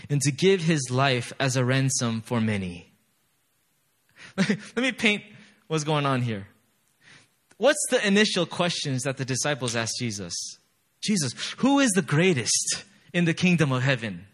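A man's voice: on the high side, big pitch swings, unhurried, fairly bright tone. A man preaching a sermon in a conversational way, reading scripture aloud with rising emphasis and using many fillers. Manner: frequent "you know" fillers. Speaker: pastor.

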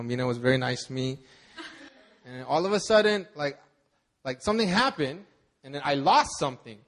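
A young man preaching a sermon, telling a personal story with many fillers and repeated words. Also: a little high. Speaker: pastor.

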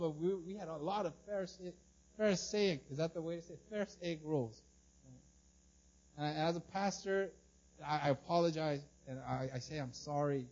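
A male pastor preaching an animated sermon, acting out the people in the story and often repeating and restarting his words. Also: on the high side, dull audio.

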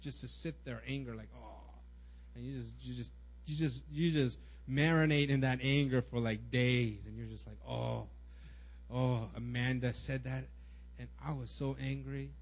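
A man's voice: medium pitch, a little mellow, highs cut off. A man preaching a sermon in a casual, conversational way, often tagging "right?" and muttering little acted quotes. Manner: acts out small everyday quotes in muttering asides. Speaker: pastor.

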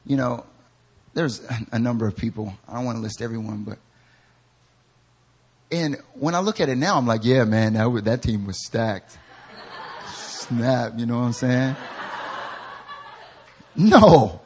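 A man preaching a sermon, moving between quiet, joking storytelling and loud, fervent shouting, acting out quoted people with humor. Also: medium pitch, expressive, a little slow, long pauses, a little hiss or hum. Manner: acts out quoted voices with humor. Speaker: pastor.

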